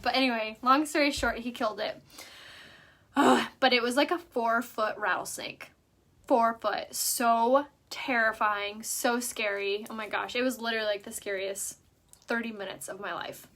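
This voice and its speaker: With a fairly bright, higher-pitched voice, fairly even intonation, and a moderate pace, a young San Diego woman runs a relaxed makeup livestream from home. Her rambling chatter is packed with "like" fillers.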